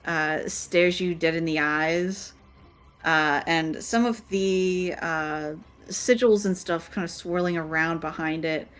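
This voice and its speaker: A woman's voice: low-pitched, steady tone, slow pace, fairly bright tone. A woman running a tabletop game as game master, laid-back and joking, swearing casually.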